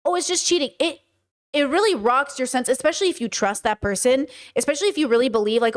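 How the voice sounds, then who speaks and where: A woman's voice: high-pitched, fast talker. A woman streamer reacting to news clips, talking indignantly and animatedly and mimicking other people. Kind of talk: casual reaction commentary.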